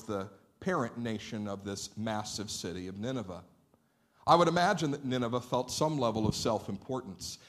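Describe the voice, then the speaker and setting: A man preaching a sermon, reading scripture dramatically and then speaking in relaxed, conversational asides. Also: medium pitch. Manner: dramatic scripture reading, rising loud on quoted lines. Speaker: pastor.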